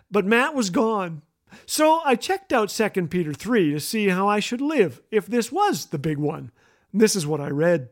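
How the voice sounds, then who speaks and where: A man from Canada hosting a radio show, telling a humorous story in a wry, deadpan way. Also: high voice, a little slow. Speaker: radio host. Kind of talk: scripted humorous radio commentary.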